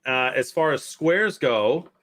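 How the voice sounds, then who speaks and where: A man's voice: medium pitch, lively intonation, takes it slowly, fairly bright tone. A man co-hosting a casual live sports stream, easygoing and laughing as he reads things out. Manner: easygoing, laughs while reading aloud.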